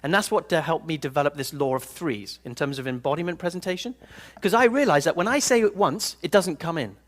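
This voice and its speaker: A man giving a live seminar talk to an audience in a room, telling stories in an animated, playful way. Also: fairly high pitch, a little fast. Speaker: personal development speaker.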